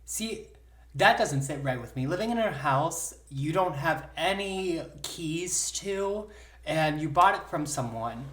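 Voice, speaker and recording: Podcast co-host, woman, deep register, blunt reactions, roomy sound. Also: lively intonation, a bit bright. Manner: blunt, swears freely, reacts with quick asides. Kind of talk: casual chat.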